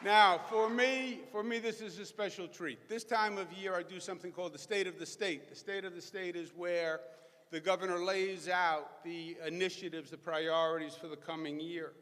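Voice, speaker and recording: A man's voice: high-pitched, fairly even intonation, moderate pace, fairly bright tone. Queens-accented man rousing a hall. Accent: New York (Queens). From Queens, New York. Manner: rousing, folksy, crowd-working. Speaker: governor giving a speech. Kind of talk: public political speech. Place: large college hall with live audience. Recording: echoey hall, long reverb.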